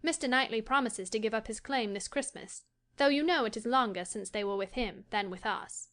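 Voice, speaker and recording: Speaking fairly quickly in a voice on the high side, an actress plays a bright young daughter calming her worried father for an audiobook. The tone is fairly bright and lightly acted, with a reassuring mood.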